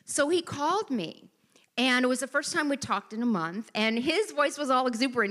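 A woman's voice: high-pitched, expressive, normal speed, a bit bright. A middle-aged woman giving a personal testimony at a church gathering, telling her story with animation and acting out the voices she quotes.

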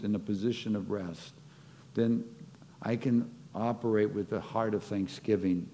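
A man's voice: on the low side, warm tone. A man preaching a sermon, reflecting on scripture and acting out short stories as he teaches. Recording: long hall reverb.

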